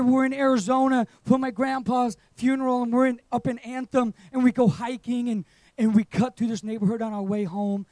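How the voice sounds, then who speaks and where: A young adult male pastor preaching a sermon in a church, telling stories and surging into loud, animated shouts to drive his points home. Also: extremely high pitch, vocal fry, no room sound, poor audio. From England. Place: church auditorium.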